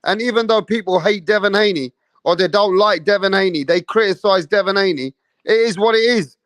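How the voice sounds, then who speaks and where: A man hosting a boxing channel, chatting casually on a live stream, shouting out viewers in slangy, emphatic talk. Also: sits high, fairly quick, no room sound.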